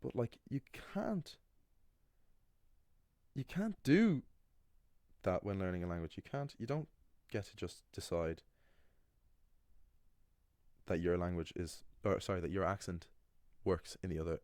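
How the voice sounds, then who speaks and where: A man's voice: sits low, lively intonation, a little slow, long pauses, a little mellow, no room sound, clean studio sound. A young man, a language teacher, talks through an anecdote in a casual, opinionated, rambling way. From Ireland. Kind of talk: casual explanatory video monologue.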